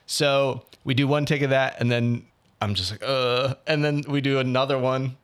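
A man's voice: mid-range voice, fairly even intonation, moderate pace, a bit bright, clear, resonant tone. A young man in casual chat, animatedly telling an audition story and quoting others. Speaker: actor telling about auditions.

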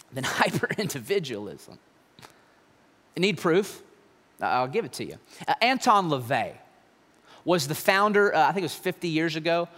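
Male pastor, animated conversational sermon, high lively voice, reverberant sanctuary. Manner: animated, conversational preaching with mocking asides. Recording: long hall reverb.

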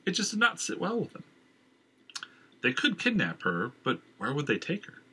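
A man's voice: on the high side, huge pitch swings, normal speed, bright, forceful tone, husky. A man narrating a fantasy novel aloud in a casual read, dropping in filler ums. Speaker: audiobook reader. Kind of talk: fiction narration.

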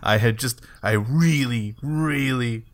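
A man with a mid-pitched voice speaks softly on a casual film podcast. He halts and restarts as he weighs his opinion. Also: slow pace. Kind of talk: casual film review chat.

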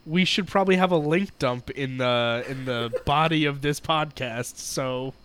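A man's voice: mid-range voice, a little slow, fairly bright tone, a little hiss or hum. A man co-hosting a podcast, rambling and joking in casual chat, laughing often. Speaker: podcast co-host.

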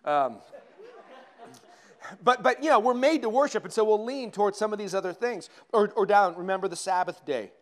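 A man's voice: high-pitched, animated, moderate pace. A male pastor from giving a conversational sermon in a church, with humorous asides to the congregation. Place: church sanctuary.

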